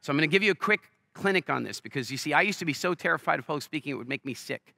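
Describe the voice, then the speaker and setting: Energetic man giving a stage talk. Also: a little high, very fast, vocal fry, dry recording, studio quality. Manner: energetic storyteller, acts out quoted voices. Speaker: keynote speaker. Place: large festival stage.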